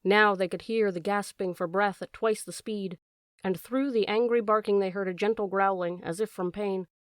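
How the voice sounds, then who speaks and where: A woman narrating an audiobook in a measured, expressive reading voice. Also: medium pitch, no room sound, clean studio sound. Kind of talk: scripted narration.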